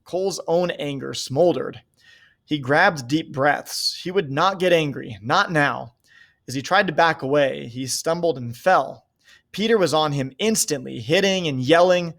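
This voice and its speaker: A man reading a novel aloud in a steady, measured way. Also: fairly high pitch, gravelly. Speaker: reader.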